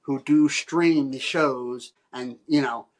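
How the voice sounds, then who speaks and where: A podcast guest who works as a photographer chats casually in a medium-pitched voice, taking his time. He rambles through stories and acts out the people he quotes with different voices, all on a low-quality recording.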